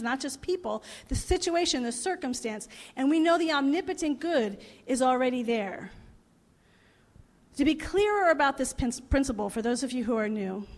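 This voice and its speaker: A woman's voice: a little high, long reverb tail. A woman minister giving a sermon in an earnest manner, often repeating phrases for emphasis. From United States.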